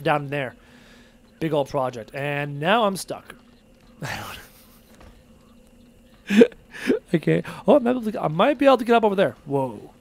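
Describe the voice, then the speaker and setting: A man's voice: on the high side, expressive, normal speed, gravelly, long pauses. A man streaming a game live, chatting and muttering to himself as he plays and reads chat aloud. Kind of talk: live gameplay commentary, reading chat aloud.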